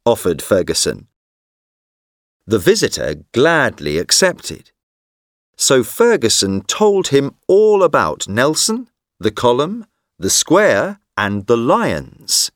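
A man giving scripted narration for a textbook listening exercise, reading slowly, clearly and expressively into a studio microphone. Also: medium pitch, wildly swooping pitch, no echo.

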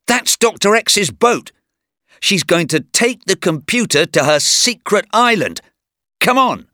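A man voicing a brave young male hero in a raised, energetic voice. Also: a little high, unhurried, dry recording, studio quality, pitched above the performer's own voice. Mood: eager. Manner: energetic, exclaiming delivery.

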